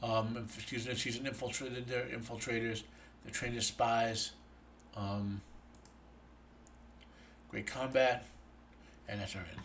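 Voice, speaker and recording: A man's voice: mid-range voice, little pitch movement, unhurried, long pauses, fairly bright tone, slight background noise. A tired man hosting a show, giving a casual spoken episode review that rambles with many fillers and restarts. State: tired, yawning.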